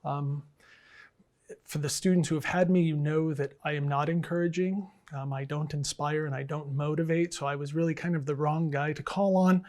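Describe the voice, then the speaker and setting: A man's voice: fairly high pitch, steady tone, normal speed, darkish tone. A middle-aged man, a college English professor, telling bad jokes in a dry, unbothered way with plenty of ums and uhs. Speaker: English professor and department chair. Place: college setting.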